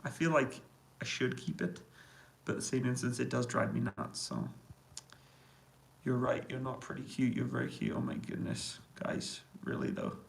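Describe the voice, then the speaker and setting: A gravelly, fry-voiced YouTuber of medium pitch answers his live chat at a normal speed, reading comments out and replying in a laid-back way punctuated by laughs. The setting is a small indoor army accommodation room, and the recording is rough.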